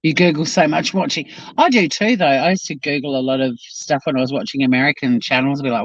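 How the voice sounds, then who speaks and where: A bass-voiced Australian woman talks quickly with few pauses as she drives and livestreams, reading chat and swearing bluntly. There's no room sound; the audio is dry, dull and lo-fi.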